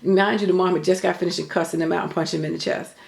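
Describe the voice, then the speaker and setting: A woman's voice: on the low side, fairly even intonation, racing, gravelly, darkish tone, roomy sound. An older woman telling a story in an earnest, chatty way, full of faith talk. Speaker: vlogger. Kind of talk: casual storytelling.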